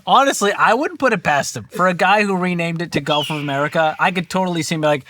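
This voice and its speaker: A man's voice: fairly high pitch, fast, bright, forceful tone, a little hiss or hum. Wry, sarcastic male finance host. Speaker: personal finance host reacting to videos. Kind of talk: casual comedic commentary.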